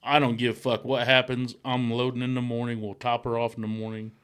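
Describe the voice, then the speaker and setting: A man's voice: mid-range voice, little pitch movement, brisk, fairly bright tone, smooth. A middle-aged man and podcast co-host, a former truck driver, telling a story in casual chat. He swears constantly and laughs as he goes.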